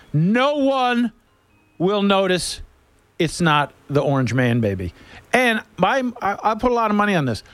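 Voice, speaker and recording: Man, radio host, casual storytelling, crude jokes, lively swooping voice, fairly high. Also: dry recording. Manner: loose storytelling, crude humor.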